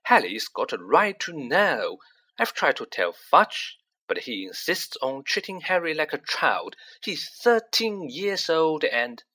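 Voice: medium pitch, very animated, takes it slowly, bright, forceful tone, slightly rough, pitched above the performer's own voice, heavily acted. A reader doing a heated, earnest storybook father.

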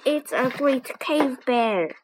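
A careful, jittery young boy from a storybook, as a woman reader puts him on. His lines come in urgent, hushed warnings, pitched well above the reader's own already high voice and drawn out slowly. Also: lively intonation, a little hiss or hum.

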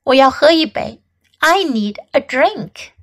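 A woman English teacher reading a picture book aloud slowly and clearly, then leading practice sentences. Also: high voice, animated, a bit bright. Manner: slow, careful reading with repeated practice sentences.

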